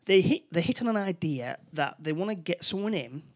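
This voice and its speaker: A man talks through a film's plot in a relaxed chat, his pitch sitting a bit higher than most men's. He stops and restarts often and keeps checking in with tag questions. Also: a little fast. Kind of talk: casual film recap chat.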